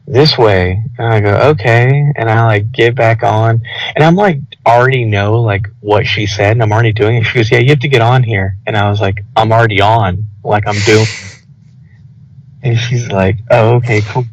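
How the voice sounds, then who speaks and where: A man's voice: on the low side, moderate pace, dry recording. A young man co-hosting a podcast, telling a story in casual chat, swearing and acting out the quoted lines. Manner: animated, profane, acts out quoted dialogue. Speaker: podcast co-host. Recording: slightly muffled podcast recording.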